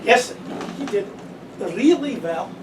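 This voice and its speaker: A man's voice: high voice, expressive. A man putting on a stammering French expert. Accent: put-on French. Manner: halting, stammering, emphatic. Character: pompous French language and soccer expert, man. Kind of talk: improv comedy scene. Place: stage in front of an audience. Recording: echoey stage, far mic, background noise.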